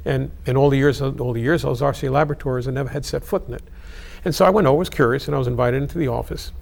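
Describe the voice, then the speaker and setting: A hoarse older man in his eighties who tells anecdotes in a relaxed, chatty way. His voice is gravelly and rough, with a breathy edge. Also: medium pitch, very fast. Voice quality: gravelly, husky. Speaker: interviewee. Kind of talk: oral history interview.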